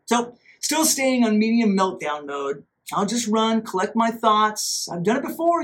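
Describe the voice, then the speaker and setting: Man, podcast host, high-pitched voice, casual storytelling, self-mocking, animated. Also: unhurried. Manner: animated, self-mocking, acts out his own inner voice.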